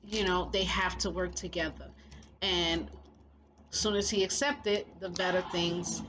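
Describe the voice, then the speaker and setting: A woman's voice: fairly low pitch, measured pace, noisy background. A woman giving casual spiritual commentary as a vlogger, rambling and leaning heavily on filler phrases. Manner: rambling, heavy on "you know" fillers.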